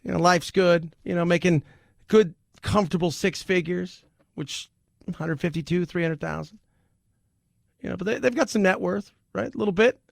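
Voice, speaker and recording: Male radio host, gravelly, slightly high, animated and joking, dry studio sound. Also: normal speed, dry recording. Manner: joking, animated, laughs often. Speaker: radio talk show host. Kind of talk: casual talk radio monologue.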